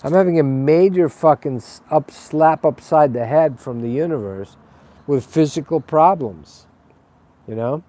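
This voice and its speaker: A man's voice: medium pitch, mellow. A man hosting a spiritual webcast, talking in a rambling, blunt and profane monologue. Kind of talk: casual spoken monologue.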